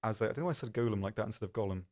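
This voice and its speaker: Talking very fast in a fairly low, slightly mellow voice, this man hosts a live stream. His casual chatter is rambling and self-deprecating, thick with ums.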